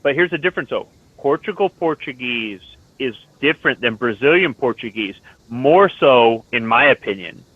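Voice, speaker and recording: A man's voice: mid-range voice, animated, normal speed, dry recording. A man in casual chat, explaining his opinions at length. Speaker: lobby chat participant. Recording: dry tinny phone-like line.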